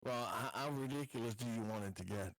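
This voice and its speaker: A man's voice: medium pitch, fast, no echo, rough recording. Male player, stammering and chuckling, dry close sound. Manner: stammering, laughing often. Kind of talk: tabletop role-play banter.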